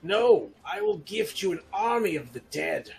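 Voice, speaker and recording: A man's voice: sits high, very animated, measured pace, creaky, a little mellow, pitched above the performer's own voice, heavily acted. A man voicing a boastful trapped stone spirit. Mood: menacing.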